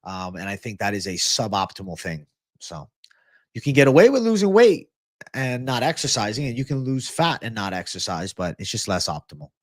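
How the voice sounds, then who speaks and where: A man's voice: lowish voice, very animated, fairly quick, no room sound, studio quality. A young man hosting a live MMA and fitness stream, chatting casually, swearing and thanking viewers. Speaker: livestream host.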